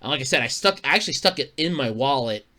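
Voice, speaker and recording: A man chats loosely as host of his own podcast and drifts from one story to the next. His voice is bright and forward. He swears offhandedly and chuckles often. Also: mid-range voice, expressive, quick pace. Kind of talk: casual solo podcast chat.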